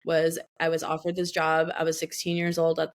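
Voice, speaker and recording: Podcast guest: woman in her 20s, low-set voice, animated casual storyteller. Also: a little fast. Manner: chatty, animated, many fillers and laughs. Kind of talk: casual chat.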